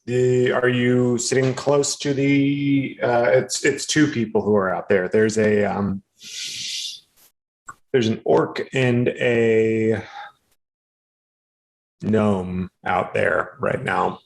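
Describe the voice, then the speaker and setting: A man runs a tabletop game in a gravelly voice, narrating scenes and calling for rolls. He halts often and fills the pauses with ums and uhs. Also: mid-range voice, steady tone, low-quality recording. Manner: halting, filler-heavy narration. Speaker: game master.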